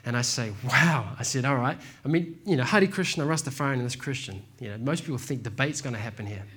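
A man preaching a sermon in a relaxed, slangy way, telling stories and calling listeners "man" and "bro". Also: medium pitch, quick pace, breathy edge. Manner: laid-back, slangy, says "man" and "bro". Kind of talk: casual sermon with storytelling.

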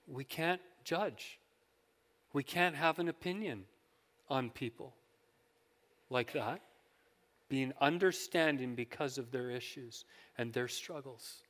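A man's voice: mid-range voice, slow, pauses often, fairly bright tone. A man preaching a sermon, telling stories in a conversational way and asking his listeners questions. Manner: conversational storytelling with questions to the congregation. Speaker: pastor. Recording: long hall reverb.

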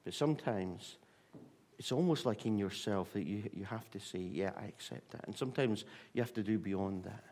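A man preaching a sermon, telling a Bible story in a lively way with restarts and fillers. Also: lowish voice, normal speed.

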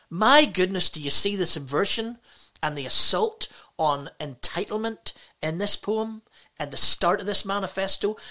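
A woman's voice: mid-range voice, fairly bright tone. A woman pastor preaching a sermon, emphatic and exclamatory, with many rhetorical questions.

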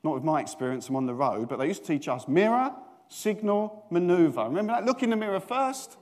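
Middle-aged man from Britain, preacher, fairly high voice, chatty sermon with self-deprecating jokes. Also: lively intonation, fast talker. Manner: chatty, self-mocking, asks the congregation questions. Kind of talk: storytelling sermon.

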